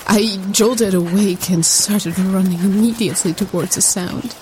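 A woman narrating a scripted first-person story in a soft, sombre reading. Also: mid-range voice, fairly even intonation, unhurried, a little hiss or hum, poor audio.

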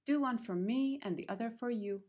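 A woman's voice: on the high side, moderate pace, a little mellow, pitched above the performer's own voice, lightly acted. Woman doing a sly, chirpy little bird. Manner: exclaiming, bargaining, sly. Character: clever little female bird, vain and tricky.

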